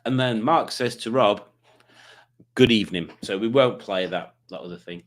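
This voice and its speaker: A man's voice: on the low side, moderate pace. A man with a Yorkshire accent hosting a live stream, chatting casually and rambling through viewer comments. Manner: rambling, self-deprecating, chatty. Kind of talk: casual chat reading comments.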